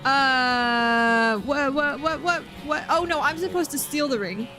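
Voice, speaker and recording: Young woman, high voice, game streamer; giggly, rambling chatter with her chat, faint music behind. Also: measured pace, pushed and bright. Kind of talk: live gameplay stream chat.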